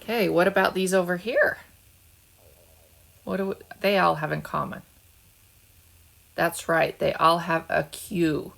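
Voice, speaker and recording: A woman's voice: on the low side, steady tone, gravelly, a bit bright. A woman teacher giving a patient phonics lesson to second graders, asking them to repeat words after her. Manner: slow, patient, asks children to echo words. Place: at home, away from school.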